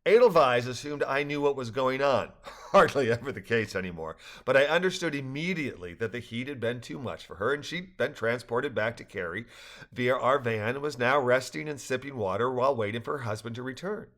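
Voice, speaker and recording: An older man reading a personal story aloud, earnest and reflective, with occasional soft laughs. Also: mid-range voice, lively intonation, brisk. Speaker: narrator.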